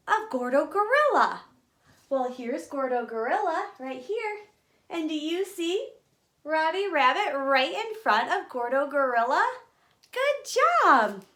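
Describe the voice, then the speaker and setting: Woman leading a children's phonics lesson, encouraging and sing-song, slow unhurried delivery. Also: high voice, fairly bright tone, roomy sound. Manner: sing-song and encouraging, modeling letter sounds. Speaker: early literacy teacher.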